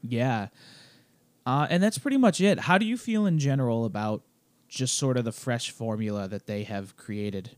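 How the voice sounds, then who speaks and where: A man's voice: medium pitch, expressive, moderate pace, darkish tone, no echo. Slightly sick man chatting casually. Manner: chatty, wry, explains game at length with many fillers. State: slightly sick, clearing his throat and coughing. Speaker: podcast co-host. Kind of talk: casual chat.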